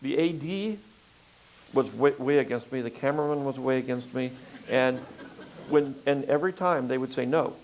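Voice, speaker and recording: An older man filmmaker in a relaxed interview conversation, talking in a rambling way with frequent fillers and restarts. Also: medium pitch, moderate pace, slight background noise, low-quality recording. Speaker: filmmaker guest.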